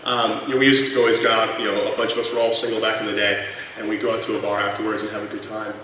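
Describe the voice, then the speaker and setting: A man in his thirties tells chatty stories at a tribute panel, his voice filling a big, booming convention hall. He sounds distant from the mic. A noisy crowd murmurs behind him. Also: flat delivery, very fast, pushed and bright. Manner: chatty, lots of fillers, laughs through the punchlines. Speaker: former colleague sharing memories. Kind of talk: anecdotal storytelling at a tribute panel. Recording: echoey hall from far off, noisy room.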